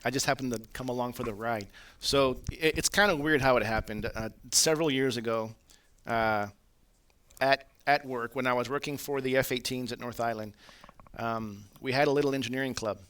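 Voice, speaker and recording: A man with an ordinary mid-range voice tells a long anecdote in a loose, chatty way. He fills his pauses with "uh" and jokes at his own expense, the easy manner of an engineer talking shop. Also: mid-range voice. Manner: relaxed, self-deprecating, lots of "uh" fillers. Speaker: aircraft engineer. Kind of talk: casual anecdotal storytelling.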